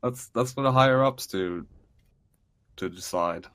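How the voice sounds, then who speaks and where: A man at a tabletop game, answering in character with a hesitant, casual manner. Medium pitch, dry sound. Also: unhurried, a bit bright, clear, resonant tone, no echo. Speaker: player.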